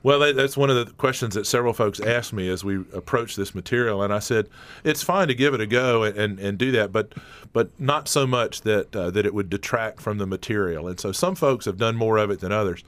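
Low-voiced Southern man, dry sound. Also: fairly quick, a bit bright, dry recording. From North Carolina and Tennessee. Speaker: director of a theater production. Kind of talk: radio interview.

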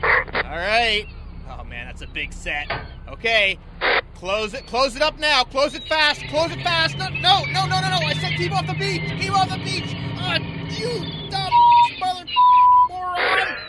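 A stammering hot-headed skipper. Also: male voice, high-pitched, big pitch swings, slow pace, long pauses, over loud music, heavily acted. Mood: yelling. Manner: stammering, swings from yelling to soothing. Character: gruff male fishing skipper, hot-tempered yet coaxing. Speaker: fishing boat skipper. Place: outdoors on a boat. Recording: noisy outdoor recording.

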